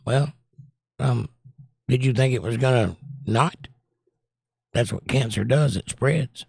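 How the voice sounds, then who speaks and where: A hoarse, squeaky-voiced man hosting a casual livestream and reading chat messages aloud in a wry, blunt way. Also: slow, darkish tone, no room sound, studio quality. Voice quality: squeaky, croaky. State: hoarse, losing his voice.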